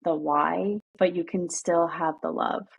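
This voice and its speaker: A woman hosting a podcast, warmly affirming her guest, emphatic and casual enough to swear. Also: lowish voice, fairly even intonation, measured pace, creaky, slightly rough, highs cut off. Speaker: podcast host. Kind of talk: conversational interview.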